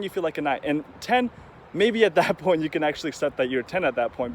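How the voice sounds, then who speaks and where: A man's voice: on the high side, slight background noise. A man talking casually to the camera in a rambling, conversational vlog, now and then acting out the voices of people he quotes. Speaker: vlogger.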